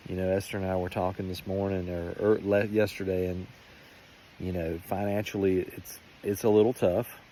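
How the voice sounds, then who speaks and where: Earnest low-voiced man sharing his faith. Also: darkish tone, slight background noise. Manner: earnest, rambling, many restarts. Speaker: faith vlogger. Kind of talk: personal faith testimony.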